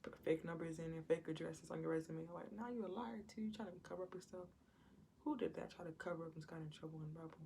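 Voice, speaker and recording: A woman teaches from the Bible in a relaxed, chatty way, acting out the people in the stories as she goes. Her voice sits low with a gravelly edge, and a faint hum of room noise stays behind her. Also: quick pace. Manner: conversational, retells scripture with acted-out quotes. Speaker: Christian preacher.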